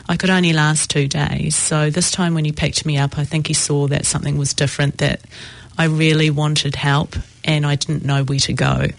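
A woman telling her own recovery story in a reflective, halting way with many pauses. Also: low voice, no echo. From New Zealand. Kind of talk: personal testimony.

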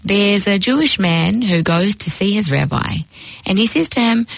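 A woman teaching a lesson, telling a joke with earnest, animated delivery. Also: medium pitch, normal speed, vocal fry, dry recording, poor audio. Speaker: teacher of Jewish texts. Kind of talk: storytelling lecture.

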